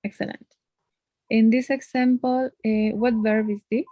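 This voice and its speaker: A woman's voice: on the high side, fairly even intonation, a little slow, mellow, no room sound. A woman teaching English one-on-one. She explains patiently and often ends points with a questioning "no?". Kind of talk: one-on-one online lesson.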